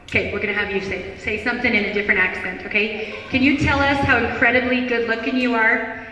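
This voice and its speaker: A woman's voice: fairly high pitch, steady tone, fast talker, pushed and bright, a little hiss or hum. A woman hosting a school game show, calling out dares and cheering on contestants in an upbeat, encouraging way. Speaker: event host. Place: large school hall with a crowd. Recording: echoey hall recorded from far off.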